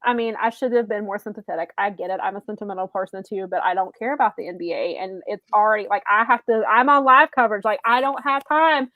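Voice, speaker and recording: A woman's voice: mid-range voice, fairly even intonation, fast, hardly any pauses, no room sound, narrow, tinny audio. A woman co-hosting a podcast, chatting casually and laughing often, with frequent restarts. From American South. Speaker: podcast co-host. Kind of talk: casual chat.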